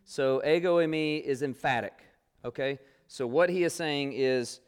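A man's voice: a little high, a little slow, clean tone. A man teaching a Bible class, reading scripture aloud and explaining it in a conversational way with many fillers.

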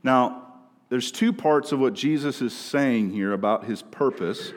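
A man in his thirties delivers a sermon at an unhurried pace, pressing his points with emphasis. His voice sinks to hushed lows and climbs to raised peaks, and it rings with the long reverb of a church sanctuary. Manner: emphatic preaching, swings between hushed and raised. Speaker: pastor.

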